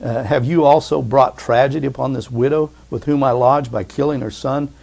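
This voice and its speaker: A man voicing a weary male prophet praying over a dead child, in a pleading, gravelly voice. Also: medium pitch, steady tone, normal speed, a little mellow. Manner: pleading prayer.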